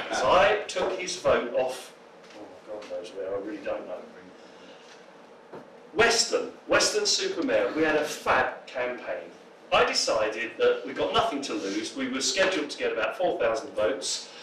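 A man speaks to a crowd in a pub function room, spinning comic stories and putting on the voices of the people in them. His voice sits fairly high and swings about lively. The mic is some way off, so the sound is roomy and echoey, with a faint hum of ambience underneath. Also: recorded from a distance. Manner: jokey storyteller, acts out quoted voices. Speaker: political speaker. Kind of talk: anecdotal public talk.

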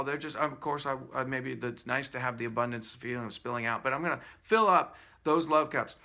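Man, wellness teacher, earnest, emphatic, bright forceful voice, explaining slowly. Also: mid-range voice. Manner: faith-filled, explanatory. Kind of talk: guided breathing instruction.

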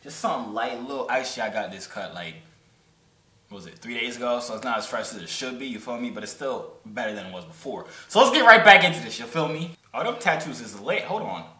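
A man's voice: medium pitch, lively intonation, fast talker, fairly bright tone, slight background noise. A young man in his twenties, a YouTuber chatting and joking playfully with strangers on a video call. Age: 20s. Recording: roomy echoey sound.

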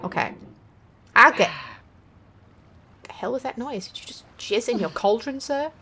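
High, lively, bright young woman gamer. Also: a little slow. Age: young adult. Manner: loud, swearing, self-mocking. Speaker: gaming video host. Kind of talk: profane let's-play commentary.

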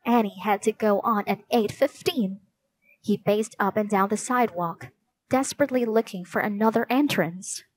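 A woman narrating a children's storybook in a slow, clear reading voice. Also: mid-range voice, rough recording.

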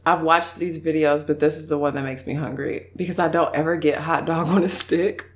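A woman's voice: low voice, steady tone, brisk. A woman mukbang YouTuber chatting casually and effusively while reacting to video clips, laughing often.

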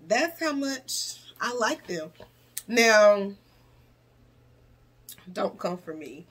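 A woman's voice: medium pitch, sing-song, very slow, a bit bright, husky. A young adult woman chatting casually to her viewers, playful and slangy, sounding a bit stuffy and nasal. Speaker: vlogger.

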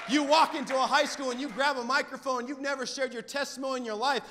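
Young guy preaching hard, real high and bright, big echoey church hall. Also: brisk. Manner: fervent, emphatic preaching with shouted peaks. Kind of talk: sermon. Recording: long hall reverb.

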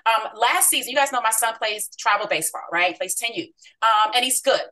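A woman leads a motivational talk for her team in an upbeat coaching tone. She keeps checking in with her listeners as she goes. Her voice is bright and ringing, and it sits a little away from the microphone. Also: fairly high pitch, animated, a little fast, distant mic, low-quality recording. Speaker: team leader presenting on a group call.

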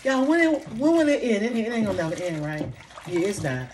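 A middle-aged woman, venting emotionally in a vlog, impassioned and repetitive, her voice sinking soft and low in the hurt parts. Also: big pitch swings, brisk. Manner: impassioned, repeating herself, voice dropping low and soft when recalling hurt. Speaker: vlogger. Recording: faint background noise.

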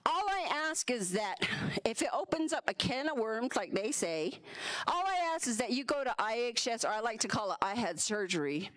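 A woman in her fifties from the Navajo Nation tells a playful, self-deprecating story. Her voice sits fairly high and leaps around animatedly. The sound is dry and close. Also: expressive, a little fast, a bit bright, no echo. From Navajo Nation, US Southwest. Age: 50s. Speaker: symposium speaker. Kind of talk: humorous storytelling talk.

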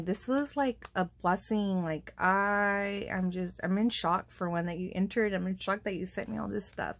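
Her voice is medium-pitched and creaky, at normal speed with hardly any pauses, as this young woman opens craft gifts on camera. The chat is casual and full of fillers, she gushes and cries happy tears, and a constant noise runs behind her.

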